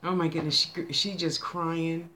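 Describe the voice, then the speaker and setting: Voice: mid-range voice, level tone, pushed and bright, slight background noise. Chatty folksy medium bossing spirits around. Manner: chatty, folksy, bossy with spirits, drawn-out words. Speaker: psychic medium giving readings. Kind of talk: casual live spirit reading, talking to spirits aloud.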